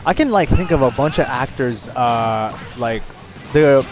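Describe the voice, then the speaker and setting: A man's voice: mid-range voice, lively intonation, measured pace, rough recording. A man doing casual, joking commentary on a fighting game tournament, bantering with his co-commentator. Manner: joking, laid-back banter with trailing asides. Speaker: esports commentator.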